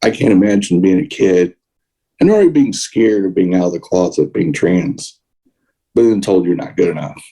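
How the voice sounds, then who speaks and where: Guy on a podcast going off on a heated political rant, lowish mellow voice. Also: lively intonation, moderate pace, slightly rough, rough recording. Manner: emotional, indignant, preachy. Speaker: podcast co-host. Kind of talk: impassioned political commentary.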